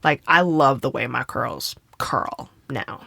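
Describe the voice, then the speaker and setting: Creaky, bright-voiced woman podcast host. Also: takes it slowly, no room sound, clean studio sound. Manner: animated storyteller, swears freely, acts out quotes with big pitch jumps. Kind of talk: casual chat.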